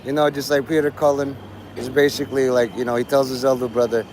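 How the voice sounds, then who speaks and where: A man's voice: medium pitch, level tone, quick pace, darkish tone, a little hiss or hum, low-quality recording. A man in his forties hosting a livestream, rambling casually, trailing off and restarting his thoughts. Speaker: livestream host.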